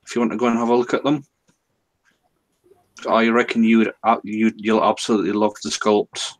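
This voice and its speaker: Male stream guest, level, flat delivery, low-key casual talk. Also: a little fast. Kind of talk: casual chat.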